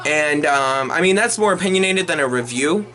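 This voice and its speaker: A young man rants through a movie review in a high, bright, sharp-edged voice. He is exasperated and profane, rambling along with restarts and swearing as he goes. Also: lively intonation, normal speed. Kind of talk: unedited ranting review.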